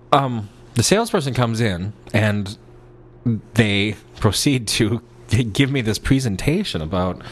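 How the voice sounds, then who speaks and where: A man telling a story in a casual, rambling monologue. He is playful, restarts his sentences often, and sometimes slips into a high, silly put-on voice. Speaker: podcast host.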